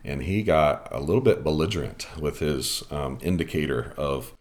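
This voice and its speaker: A man's voice: rumbling low, normal speed. A man hosting a podcast, chatting casually and telling a rambling umpiring story with lots of ums and uhs. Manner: rambling storytelling with many fillers. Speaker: podcast host and softball umpire.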